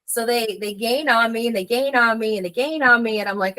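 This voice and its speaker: A woman with a bright, forceful voice spins an animated tale. She leans on "like" and slips into the voices of the people she quotes. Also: fairly high pitch, fairly quick, rough recording. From United States. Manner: animated storyteller, acts out quoted voices, frequent "like". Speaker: author, guest. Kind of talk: casual storytelling conversation.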